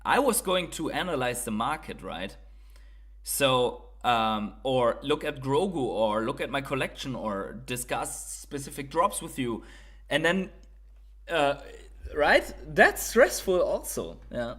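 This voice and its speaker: A man's voice: medium pitch, big pitch swings, slow, a bit bright. A man from Germany with a German accent, hosting a casual livestream, thinking aloud, swearing now and then, and often tagging on "right?". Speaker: livestream host.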